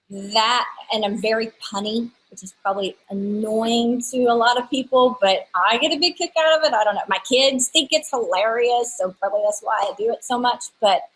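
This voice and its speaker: A woman in her thirties with a somewhat high voice, talking about her work in a relaxed interview. She tells it as a chatty, lively story, often restarting her sentences as she goes. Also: moderate pace, poor audio. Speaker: guest, stamp designer. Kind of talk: casual interview chat.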